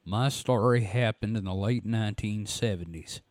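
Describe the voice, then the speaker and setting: A hoarse man voicing a drawling Southern male storyteller who recalls a boyhood camp, reading the account aloud in a put-on Southern accent. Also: lowish voice, moderate pace, no echo, close to an everyday voice. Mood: storytelling. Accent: American Southern. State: hoarse throat.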